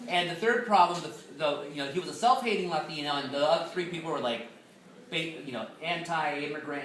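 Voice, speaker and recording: A fairly high-voiced man tells lively stories to a room, laughing often as he goes. He sounds a little distant from the mic, and the hall around him rings with echo. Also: noisy background. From United States. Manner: animated, laughs often, playful Spanish slang. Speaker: guest speaker. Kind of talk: lively storytelling talk to an audience. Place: hall with an audience. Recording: echoey room, mic far off.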